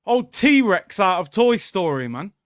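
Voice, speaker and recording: Young guy doing a footie watchalong, excitable and jokey, a bit high, dry sound. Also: a little slow, dry recording. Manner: excitable, jokey banter with viewers. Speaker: host of a football watchalong. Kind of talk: live match watchalong commentary.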